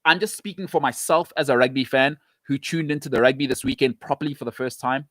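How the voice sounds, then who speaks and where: A man's voice: mid-range voice, quick pace, no echo, clean studio sound. A man with a South African accent hosting a live stream, ranting with passion and emphasis and answering viewer comments. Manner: impassioned, emphatic, repeats for emphasis. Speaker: show host.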